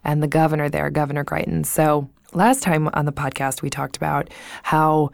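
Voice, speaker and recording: A woman's voice: low-pitched, moderate pace, vocal fry, no room sound. Young woman cohosting a podcast, blunt and sweary, laughs a lot, dry close sound. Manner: blunt, profane, laughs often, animated retelling. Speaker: podcast co-host. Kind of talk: casual chat.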